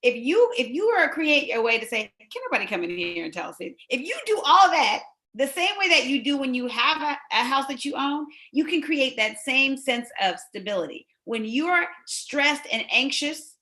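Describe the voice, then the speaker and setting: A woman's voice: sits high, sing-song, moderate pace, pushed and bright. A middle-aged woman co-hosting a conversation, speaking in an engaged, affirming way. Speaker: co-host. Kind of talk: conversational talk.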